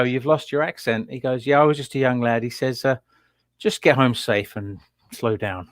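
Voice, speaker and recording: Podcast co-host, man from England, lively pitch, dry close recording, chatty storyteller. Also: unhurried, pauses often, no room sound. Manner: animated storytelling, laughs at his own tale. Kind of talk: casual chat.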